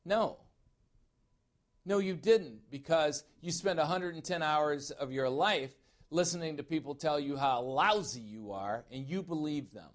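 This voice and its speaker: A man's voice: on the high side, normal speed. A middle-aged man from Chicago preaching a sermon as a pastor-teacher, emphatic and asking his congregation direct questions. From Chicago, USA.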